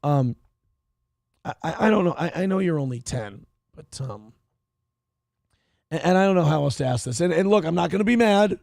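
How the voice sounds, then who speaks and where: A man in his thirties hosting a live stream, with a gravelly, fry-laden voice pitched a bit above the usual. He talks in a brash, mocking way and breaks into sudden yelled outbursts. The sound is dry and close, with no room around it. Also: expressive, moderate pace, pauses often, no echo. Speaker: livestream show host. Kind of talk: crude casual livestream commentary.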